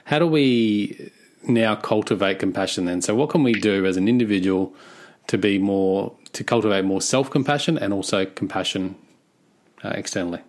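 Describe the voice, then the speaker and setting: A man hosting an interview, asking questions in a relaxed, joking way. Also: lowish voice, normal speed. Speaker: interview host. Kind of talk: casual interview talk.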